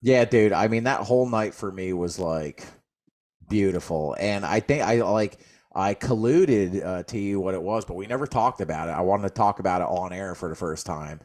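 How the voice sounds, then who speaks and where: Low-voiced man telling stories. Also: normal speed, a little mellow. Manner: rambling, profane storyteller. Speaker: podcast co-host. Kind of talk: casual storytelling chat.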